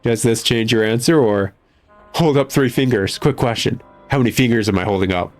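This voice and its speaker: A man's voice: mid-range voice, brisk, faint music behind. A man casually commenting and laughing as he plays through a game, reading its text aloud. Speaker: let's play streamer. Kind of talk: casual let's play commentary.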